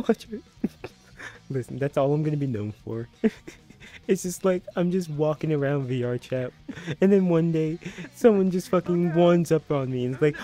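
A man's voice: on the high side, animated, normal speed, mellow. A young man streaming in a social VR game, joking crudely and laughing often in casual chat. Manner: giggly, joking, crude banter.

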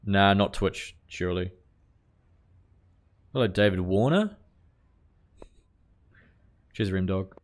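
A man's voice: sits low, takes it slowly, long pauses. Laid-back man streaming a game. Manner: relaxed, chatty, greets viewers while playing, mild swearing. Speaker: livestreamer. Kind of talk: casual live game commentary.

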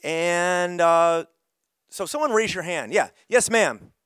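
A man's voice: sits high, expressive, slow pace, fairly bright tone, clean tone, dry recording. A middle-aged man leading an interactive climate workshop, calling on audience members while losing his voice. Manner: engaging, calls on audience members.

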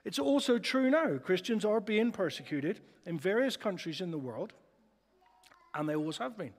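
A man preaching a sermon in a chatty, lively way, often putting rhetorical questions to the congregation. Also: high-pitched, normal speed. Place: church hall. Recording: long church reverb.

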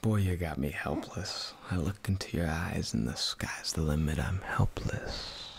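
A man plays a young woman in love in a whispered role-play. The voice stays very low and gravelly under the hush, the rhythm close to a soft rap. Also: a little slow, full character voice, rough recording. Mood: smitten.

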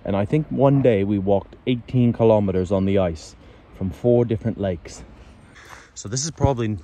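A man's voice: on the low side, moderate pace, warm tone. A man giving a casual, chatty walking tour on forest trails near a city, talking loosely and swearing now and then. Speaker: vlogger. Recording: outdoor background noise.

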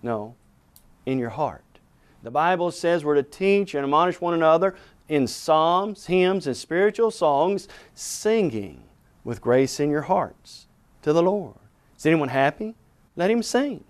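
A man preaching a televised sermon, emphatic, quoting scripture and asking rhetorical questions. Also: fairly high pitch.

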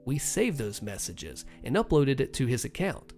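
Gravelly, sardonic story narrator. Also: medium pitch, very animated, normal speed, darkish tone, soft background music. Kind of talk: first-person story narration.

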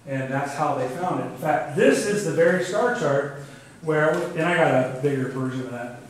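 A man's voice: a little high, normal speed. A man giving a casual astronomy lecture to a club audience, talking through his slides with lots of fillers. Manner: conversational, many fillers, says "kinda neat". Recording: very echoey room, faint background noise.

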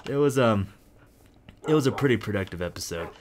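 Young man, low voice, excitable rambling game commentary, faint clicking behind. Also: brisk, a little hiss or hum. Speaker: gaming video host. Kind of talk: casual let's-play commentary.

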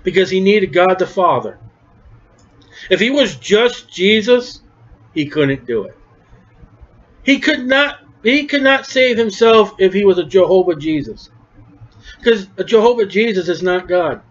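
A man's voice: high-pitched, animated, measured pace, pauses often. A man preaching a conversational Bible-study sermon, emphatic, often repeating words. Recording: dull lo-fi recording.

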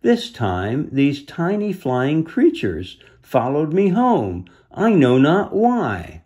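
A man voicing a huge, gentle male island beast in a storybook, speaking slowly and formally with a gravelly voice. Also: on the high side, wildly swooping pitch, pitched above the performer's own voice, exaggerated voice. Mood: solemn. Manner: slow, formal old-fashioned speech. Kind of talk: storybook read-aloud.

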